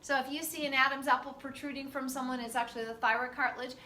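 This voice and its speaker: A woman teaching a class in a relaxed, chatty way, full of fillers. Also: sits high, fast. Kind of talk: classroom lecture. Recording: echoey classroom from far off.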